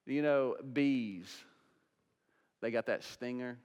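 A man's voice: mid-range voice, unhurried, darkish tone, clear, resonant tone. A man preaching an earnest sermon as pastor, now and then singing hymns. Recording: long reverb of a church hall.

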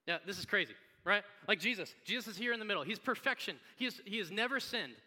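A man, a pastor, preaching a sermon in a conversational, animated storytelling manner. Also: sits high, fast talker. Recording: long hall reverb.

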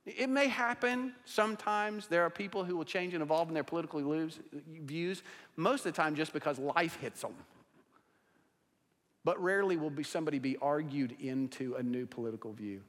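A male pastor preaching a sermon to a congregation, swinging between loud declarations and hushed, intense asides. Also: a little high, normal speed. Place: church sanctuary with a congregation. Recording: long hall reverb.

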